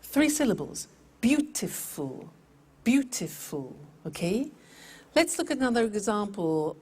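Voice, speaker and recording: A woman teaching English vocabulary in a scripted lesson, speaking deliberately and repeating words for pronunciation. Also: on the high side, sing-song, darkish tone, husky.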